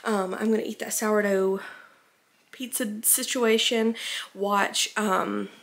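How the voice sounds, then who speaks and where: Young woman rambling thru her vlog at home, bit gravelly, kinda breathless. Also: mid-range voice, fairly even intonation, slow pace, a bit bright. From Alabama. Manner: rambling, filler-heavy, chatty. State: a little out of breath. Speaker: vlogger. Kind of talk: casual vlog chat.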